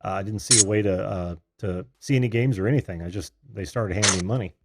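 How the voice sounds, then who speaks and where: A man's voice: lowish voice, fast talker, heavy background noise. A man hosting a casual video-call panel, easygoing, with dry humor and an easy laugh.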